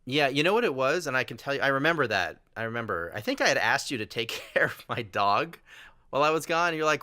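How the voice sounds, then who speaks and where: Bright, animated male podcast host. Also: mid-range voice, quick pace, no echo, studio quality. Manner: laughs often, tells jokes. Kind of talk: casual conversation.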